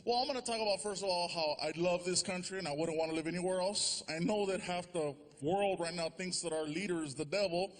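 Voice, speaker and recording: A man doing stand-up comedy on a large theater stage, animated, switching quickly into character voices. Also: high voice. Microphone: stage microphone.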